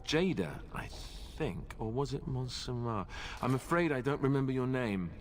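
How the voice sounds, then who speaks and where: An actor playing a hesitant young warrior. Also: male voice, mid-range voice, expressive, moderate pace, a crowd in the background, close to an everyday voice. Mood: puzzled. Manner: hesitant, searching memory. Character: young warrior, earnest and unsure. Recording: distant game audio with faint noise.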